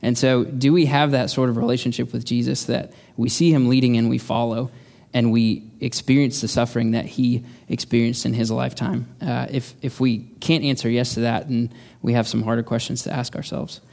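Male preacher, mid-range voice, casual and halting delivery, dry self-deprecating humor. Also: medium pitch, little pitch movement, vocal fry, darkish tone. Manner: halting, restarts phrases often. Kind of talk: conversational sermon.

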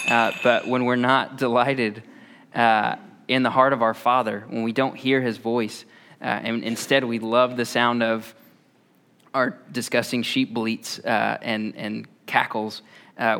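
A man in his thirties preaches in a relaxed, conversational way, often stopping on a drawn-out "uh." His voice has a gravelly fry to it. He holds a flat, steady tone with little rise and fall. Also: mid-range voice. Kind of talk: conversational sermon.

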